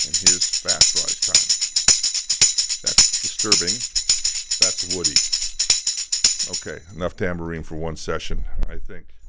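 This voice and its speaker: Low-voiced man explaining studio gear. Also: dry recording. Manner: loose, explanatory, with frequent fillers. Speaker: equipment designer demonstrating a preamp. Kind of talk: technical product demonstration. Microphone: studio microphone, moving on and off it.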